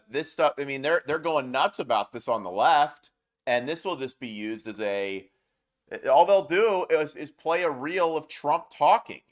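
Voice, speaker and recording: A man's voice: mid-range voice, a bit bright. A man hosting a political commentary show, ranting in a heated, sarcastic way with mocking asides.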